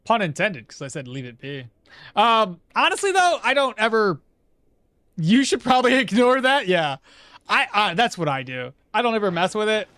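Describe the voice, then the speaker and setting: Lively, chatty gameplay streamer. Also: mid-range voice, normal speed, dry recording, clean studio sound. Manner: chatty, reads out chat, laughs at own jokes. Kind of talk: casual gameplay commentary.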